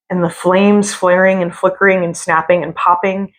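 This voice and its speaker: A woman reading a scary story aloud from a hotel room, with slow, drawn-out dramatic delivery. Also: lowish voice, steady tone.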